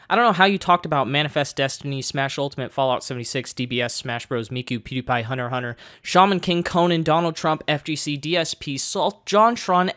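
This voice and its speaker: A woman with a fairly low voice doing comedic commentary on a YouTube channel. She reads comments and picks them apart with deadpan sarcasm and constant swearing. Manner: profane, sarcastic, deadpan mockery.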